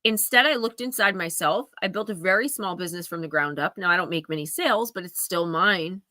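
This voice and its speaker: A woman reads oracle cards live for her viewers, speaking earnestly and with emphasis as she confides in them. Her voice is bright and forceful, and the recording is dry and close. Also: fairly low pitch, fairly quick, no room sound. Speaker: oracle card reader hosting a live stream. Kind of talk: live-stream card reading, heartfelt advice.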